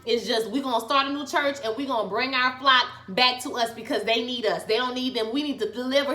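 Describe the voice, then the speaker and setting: Young woman, TV reviewer, slangy dramatic retelling, somewhat high voice, echoey room. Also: a little fast, few pauses, bright, forceful tone. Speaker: TV series reviewer. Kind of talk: casual recap and review.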